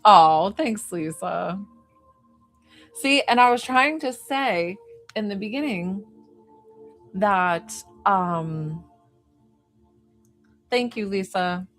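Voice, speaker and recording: A woman's voice: medium pitch, expressive, extremely slow, pauses often, a bit bright. Young woman medium gushing on a livestream, bubbly and squealy, faint music behind. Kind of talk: live-stream reading and chat.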